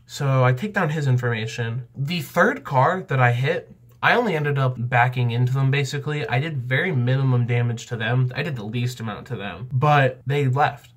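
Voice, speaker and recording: A young man vlogger telling a comedic story in an animated, excitable way. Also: normal speed. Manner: animated, excitable, jumps in pitch.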